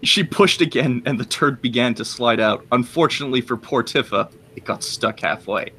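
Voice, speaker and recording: A man's voice: medium pitch, moderate pace, sharp tone, husky, rough recording. A man hosting a stream, reading a crude story aloud to his friends and often breaking into laughter. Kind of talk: casual streaming chat.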